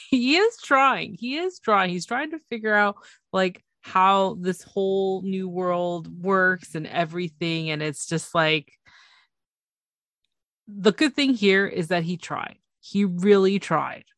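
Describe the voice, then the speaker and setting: A woman co-hosting a podcast in easygoing, soft-spoken casual chat, laughing lightly. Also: mid-range voice, slow, no echo, studio quality.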